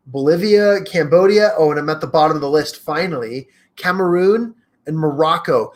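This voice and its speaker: A man's voice: a little high, fairly bright tone. A man hosting his own podcast, chatting casually to his listeners, stumbling over names and laughing at himself. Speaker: podcast host. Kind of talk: casual solo talk to listeners.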